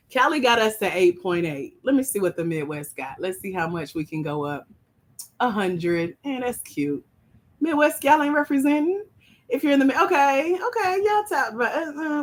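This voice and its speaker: Southern lady on a phone live, bright forceful voice, teasing the chat, super animated. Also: fairly high pitch. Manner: playful, teasing, animated, calls out to the audience. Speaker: livestream host and grant mentor. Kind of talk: hyped livestream chat with viewers.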